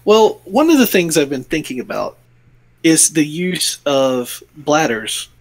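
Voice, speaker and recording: A man voicing a persuasive, smooth-talking male adventurer in a tabletop game. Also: a little high, sing-song, measured pace, full character voice. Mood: earnest.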